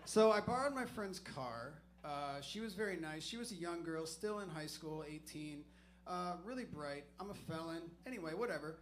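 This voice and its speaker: A man's voice: on the high side, lively intonation, moderate pace. A man doing stand-up comedy on a club stage, telling a profane, rambling, self-deprecating story.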